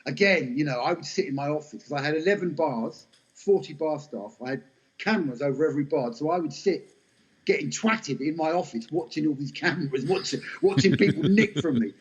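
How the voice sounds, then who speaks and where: Animated middle-aged man telling stories. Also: on the high side, fairly quick. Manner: animated, anecdotal, self-mocking. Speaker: guest actor. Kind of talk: casual storytelling interview. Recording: dull lo-fi podcast audio.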